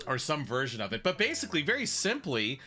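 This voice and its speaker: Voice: mid-range voice, huge pitch swings, brisk, a crowd in the background. A panel host giving brief, upbeat reactions and questions. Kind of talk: casual panel hosting.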